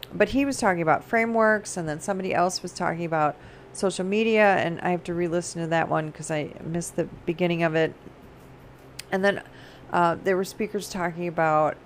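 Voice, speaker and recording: A middle-aged woman talking casually in a rambling, animated way, often laughing. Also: lowish voice, a little hiss or hum. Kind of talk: casual personal chat.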